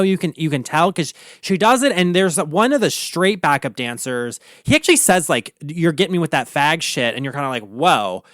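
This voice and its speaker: A man's voice: sits high, fairly bright tone, clean tone, no room sound, clean studio sound. Campy, profane drag queen man with Baltimore accent. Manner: campy, profane, chatty with many "like" fillers. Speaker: drag queen podcast host. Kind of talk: casual solo rant.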